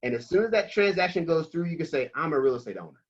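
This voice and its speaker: A man talking about money on a video call, emphatic, slangy and energetic. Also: fairly high pitch, fast talker. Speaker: financial coach guest. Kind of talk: animated motivational talk on a video call. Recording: dull lo-fi call audio.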